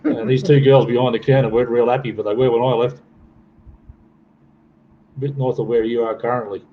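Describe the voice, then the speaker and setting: A man's voice: medium pitch, steady tone, a little fast. An older Australian man chatting as a guest, full of joking, blokey banter. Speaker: guest on a livestream. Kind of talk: casual chat. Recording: dull lo-fi with faint noise.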